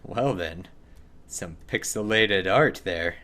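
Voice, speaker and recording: Low-voiced man doing wry game commentary. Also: takes it slowly, pushed and bright. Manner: wry, chatty, talks to himself and to characters on screen. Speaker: streamer. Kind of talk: casual gameplay commentary.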